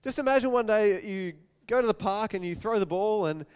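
Male preacher, high tenor, animated storyteller. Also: fairly quick, smooth. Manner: animated, acts out scenes with quoted voices. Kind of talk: sermon with storytelling.

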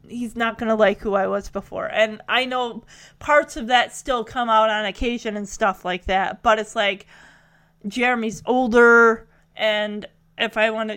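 A young woman talks through a TV episode she has just watched, in an emotional, chatty way. Her voice sits high and swings widely up and down as she reacts. She fills her sentences with casual fillers. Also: fairly bright tone. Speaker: TV episode reviewer. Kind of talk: casual recap commentary.

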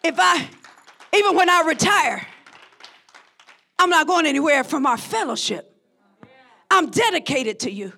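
A middle-aged woman pastor preaching a sermon, swinging between shouted, impassioned declarations and soft, low passages. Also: animated, unhurried, creaky, long pauses. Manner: drops to a soft, low, intimate tone.

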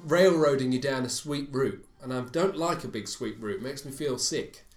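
A man's voice: mid-range voice, normal speed. A man co-hosting a podcast, chatting casually with playful, opinionated banter. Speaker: podcast co-host. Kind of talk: casual chat. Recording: echoey room with faint music.

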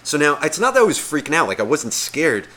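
A man's voice: fairly high pitch, very animated, fast talker, sharp tone, a little hiss or hum. A man co-hosting a podcast, telling a story in casual chat, swearing a lot and acting out the voices of the people in it. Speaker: podcast co-host.

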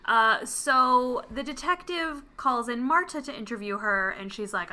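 A woman in casual chat, retelling a film's plot with lively acted-out lines. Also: a little high, normal speed, hardly any pauses. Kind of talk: casual movie recap chat.

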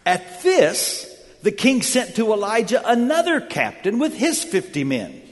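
A man's voice: high-pitched, wildly swooping pitch, unhurried, long reverb tail. A man preaching a sermon, telling the story with dramatic energy in a church sanctuary. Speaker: pastor.

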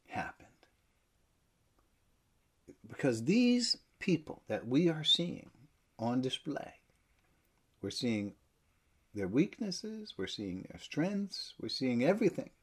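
Husky, emphatic male preacher. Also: lowish voice. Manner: emphatic, swings from loud stresses to near-whispers. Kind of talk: sermon.

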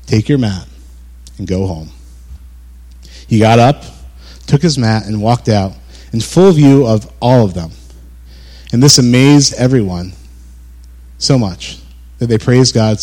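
A man's voice: mid-range voice, a little mellow. A man giving a casual Bible teaching, reading scripture and explaining it in a chatty, chuckling way, acting out quoted voices. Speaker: preacher.

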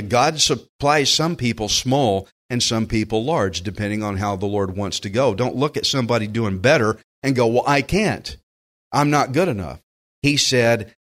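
A medium-pitched man with a Southern US accent preaches a sermon as pastor. He's animated and folksy, acting out the voices of the people he quotes.

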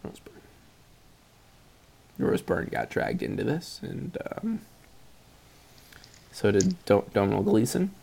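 A man's voice: lowish voice, wildly swooping pitch, takes it slowly, gravelly, pauses often, mellow, slightly rough. A man co-hosting a casual movie chat, sarcastic and giggly, often laughing mid-sentence. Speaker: podcast co-host reviewing movies.

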